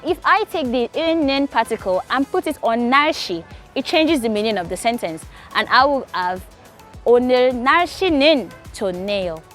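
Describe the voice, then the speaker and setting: Young woman tutor, mid-pitched voice, patient and repetitive, with faint music behind. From Nigeria. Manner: patient, repeats key points slowly. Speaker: Korean language teacher. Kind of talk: casual explanatory lesson.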